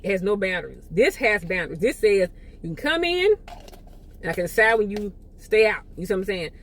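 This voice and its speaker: Woman host, relaxed conversational teacher, repetitive, acts out little quotes. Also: medium pitch. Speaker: podcast host. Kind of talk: teaching monologue.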